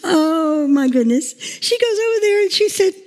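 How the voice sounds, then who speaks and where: A woman pastor delivers a chatty, emotional informal sermon, telling stories and laughing as she goes. Her very high voice has lively intonation and a darkish tone at a moderate pace, with long reverb from a large room.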